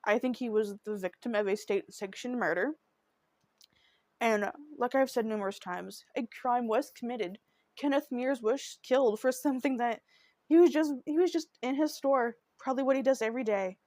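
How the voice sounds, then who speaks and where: A woman's voice: on the high side, normal speed, darkish tone, dry recording. Earnest woman hosting a true crime podcast. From Oklahoma. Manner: earnest, emotional, heartfelt. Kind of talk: podcast narration.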